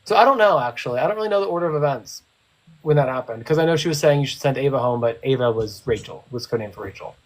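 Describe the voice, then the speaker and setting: A man's voice: mid-range voice, very fast. A young man co-hosting a livestream chat, teasing and telling stories with acted-out quotes over a video call. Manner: animated storyteller, teasing, acts out quotes. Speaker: livestream co-host, former reality show contestant. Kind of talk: casual group chat on a livestream.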